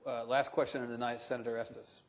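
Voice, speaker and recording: Brisk male debate moderator. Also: mid-range voice, flat delivery.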